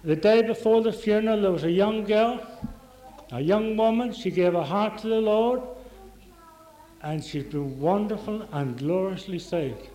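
A woman's voice: mid-range voice, unhurried, warm tone, echoey room, rough recording. An older woman giving a rambling, fervent religious testimony, repeating phrases and breaking into praise.

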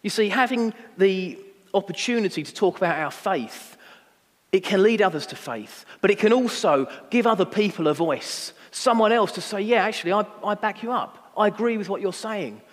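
Man, young adult, sermon, chatty storytelling, fairly high voice, long hall reverb. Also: expressive, normal speed. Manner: conversational, self-deprecating storytelling with many fillers. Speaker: preacher. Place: church hall.

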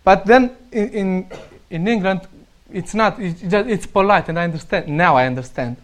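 A man's voice: high voice, moderate pace. A young man from Romania with a Romanian accent, telling casual stories and laughing often as he talks. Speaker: speaker sharing stories. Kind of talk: casual storytelling.

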